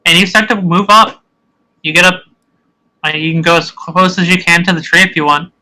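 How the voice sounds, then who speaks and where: A man's voice: high voice, fairly even intonation, brisk, a crowd in the background, poor audio. A man narrating a tabletop game as game master, rambling and searching for words as he describes scenes.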